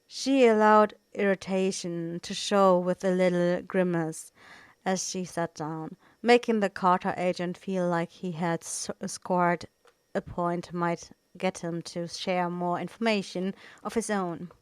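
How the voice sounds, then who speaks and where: A woman's voice: fairly low pitch, steady tone, unhurried, smooth, dry recording. A woman reading a novel aloud, often stumbling and restarting words. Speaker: reader.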